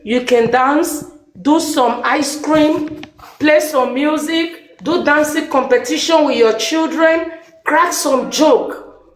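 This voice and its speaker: A woman with a Nigerian Pidgin accent pleads earnestly, speaking like a caring older sister. Her voice sits a little high and rings around an echoey room. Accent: Nigerian Pidgin English. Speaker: guest giving advice. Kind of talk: impassioned advice on a live stream.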